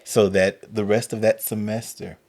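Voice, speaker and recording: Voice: mid-range voice, level tone, moderate pace, a little mellow. A podcast host asking questions and giving short encouraging responses. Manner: brief encouraging backchannels. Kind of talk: interview questions.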